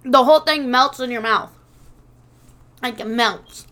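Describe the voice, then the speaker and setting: A woman's voice: on the high side, measured pace, bright, forceful tone. A woman in her thirties chatting casually as a podcast co-host, a rambling storyteller who swears a lot. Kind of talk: casual chat.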